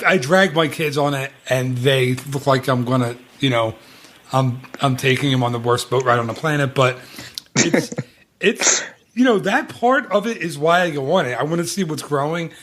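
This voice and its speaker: A man's voice: mid-range voice, moderate pace, fairly bright tone, a little hiss or hum. A middle-aged man hosting a casual podcast chat, laughing often as he talks. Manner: laughs often while talking. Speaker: podcast host.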